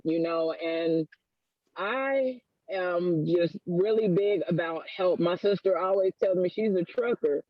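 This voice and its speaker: A man with an unusually high voice gives an earnest testimony on a group call, slipping into quoted family dialogue as he goes. The audio is dull and muffled, and it sounds close and dry. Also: no echo. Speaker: call participant.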